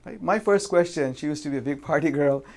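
A man speaking into a stage microphone at a seminar, his voice pitched a touch higher than most men's. He tells a personal story in a loose, conversational way and keeps tagging his sentences with "right?". He often breaks off and restarts with "uh" and "um". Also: creaky, a little mellow. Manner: pauses and restarts with fillers. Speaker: seminar speaker on insurance and real estate. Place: lives in Vancouver.

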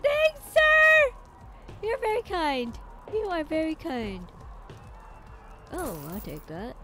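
A woman streaming a game live, excitable and giggly, thinking out loud as she plays. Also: sits high, takes it slowly, soft background music. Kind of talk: live gameplay commentary.

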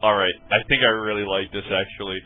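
A man's voice: lowish voice, fairly even intonation, quick pace, soft background music. A man casting a live video game match in a casual, laid-back way, laughing often and swearing now and then. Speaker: esports caster. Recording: tinny phone-like stream audio.

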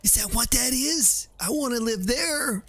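A man's voice: very high-pitched, expressive, a little slow, a bit bright, slightly rough, dry recording. A man streaming a survival game, chatting playfully with his viewers and joking as he plays. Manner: playful, jokey, talks to chat and the game. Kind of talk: casual gameplay commentary.

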